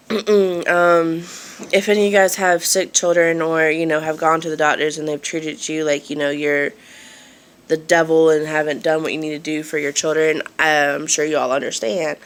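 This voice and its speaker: Slow, wheezy woman. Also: sits low. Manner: rambling and apologetic. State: out of breath, wheezing. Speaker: mother vlogging. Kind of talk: casual chat to camera. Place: at home.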